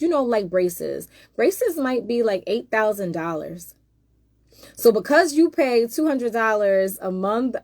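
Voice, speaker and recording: A woman's voice: medium pitch, darkish tone, no echo, studio quality. A woman hosting a casual monologue, emphatic and rhetorical, addressing viewers directly. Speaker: host.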